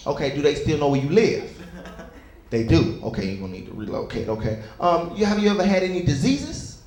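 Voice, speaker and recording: A man's voice: a little high, big pitch swings, a little fast, darkish tone. A young man doing a stand-up comedy set, loose and conversational, chatting with the crowd between stories. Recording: echoey comedy club.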